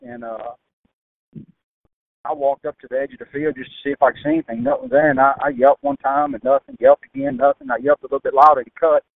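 A man from Louisiana with a Louisiana accent, a guest telling folksy hunting stories in an animated, drawling way. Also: medium pitch, fast, gravelly, dry recording. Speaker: guest turkey hunter. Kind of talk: folksy storytelling. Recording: tinny phone-like sound.

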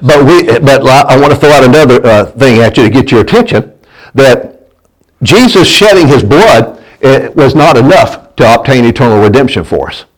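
A man's voice: mid-range voice, expressive, moderate pace, rough recording. A man preaching a sermon, in a folksy manner that keeps asking the congregation to answer back and often stumbles and restarts his words. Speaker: pastor.

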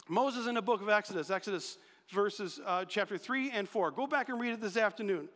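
A man preaching a sermon, animated and acting out quotes in changing voices. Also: high voice. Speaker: pastor. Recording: long reverb of a large hall.

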